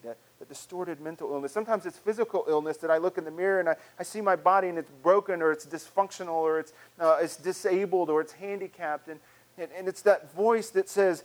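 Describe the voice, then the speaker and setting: A man's voice: sits high, fairly quick, low-quality recording. A male pastor preaching a sermon in a reflective manner, with frequent restarts and repeated phrases.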